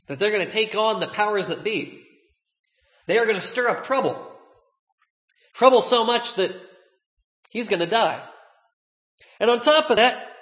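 A man preaching a sermon as a pastor, earnest, slowing down to stress key words. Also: high-pitched. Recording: tinny, echoey hall.

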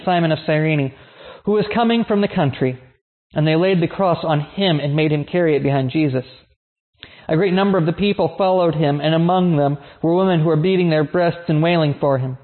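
A man giving a measured, solemn liturgical scripture reading. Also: fairly high pitch. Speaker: scripture reader. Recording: tinny phone-like sound.

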